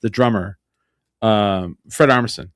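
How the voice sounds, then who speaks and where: A podcast host chatting casually, an animated storyteller who often drops into mock voices and quoted lines. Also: male voice, on the low side, a little slow, clear, resonant tone, no room sound, studio quality. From Eastern New Mexico. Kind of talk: casual chat.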